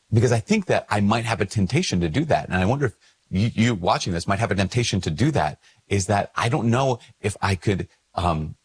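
A man's voice: lowish voice, slightly rough. A man who is a Catholic priest, praying aloud and then telling a story in an earnest, conversational way with restarts. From Minnesota. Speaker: Catholic priest and podcast host. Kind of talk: spoken prayer and reflective talk.

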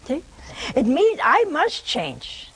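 A nun giving a spiritual talk in a conversational, gently teasing way, often checking in with her listeners with rhetorical questions. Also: sits high, wildly swooping pitch, slow pace, poor audio.

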